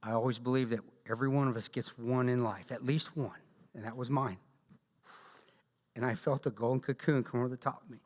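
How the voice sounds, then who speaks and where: Guest speaker, male, Southern drawl; animated, blunt storyteller with jokes, long church-hall reverb. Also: medium pitch, fairly quick. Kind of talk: storytelling talk to a church audience.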